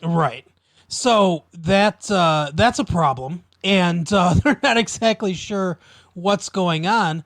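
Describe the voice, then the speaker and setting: Podcast co-host, male, a bit high-pitched, dry mic, laid-back rambling recap. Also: no room sound. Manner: relaxed, drawn-out retelling with many fillers. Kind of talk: casual chat recapping a TV episode.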